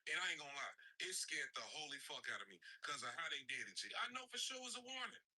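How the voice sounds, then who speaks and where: A man's voice: on the high side, sing-song, fast, sharp tone, rough recording. A man in his forties talking straight to camera in a blunt, profane, slangy way. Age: 40s. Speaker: social media creator. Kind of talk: casual direct-to-camera monologue.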